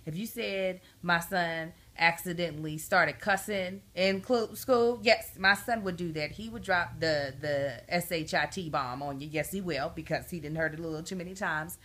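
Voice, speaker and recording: A woman vlogging to camera in a bright, tense voice, venting about a parenting problem. She is emphatic and animated and gets more indignant as she stresses her points. She talks casually and directly to her viewers. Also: on the low side, moderate pace, few pauses. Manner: indignant, exasperated. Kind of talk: casual storytelling rant to camera.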